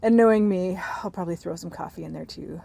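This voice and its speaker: A woman in her thirties chatting casually while lying in bed, rambling softly with many fillers and sometimes dropping to a whisper. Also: fairly low pitch, quick pace, vocal fry, breathy edge. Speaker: vlogger. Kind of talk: casual chat to camera.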